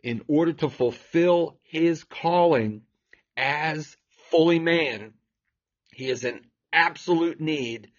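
A man's voice: fairly high pitch, measured pace, husky, dull audio. A man preaching and explaining scripture, emphatic and asking rhetorical questions. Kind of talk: scripture teaching.

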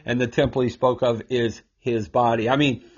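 A man teaching scripture in a casual, animated way, acting out quotes and chuckling often, on a slightly muffled recording. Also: medium pitch, normal speed. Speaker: Bible teacher.

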